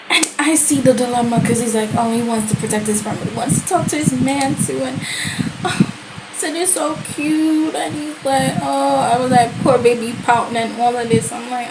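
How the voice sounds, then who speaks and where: A woman giving a casual, animated and sassy review of a series, full of slang and quoted reactions. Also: a little high, moderate pace, background noise.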